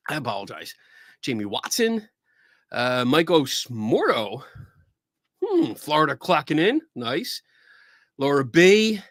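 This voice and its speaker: A man hosting a casual livestream chat show, excitable and laughing often as he greets viewers by name. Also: fairly high pitch, slow, pauses often, dry recording, clean studio sound. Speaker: podcast host.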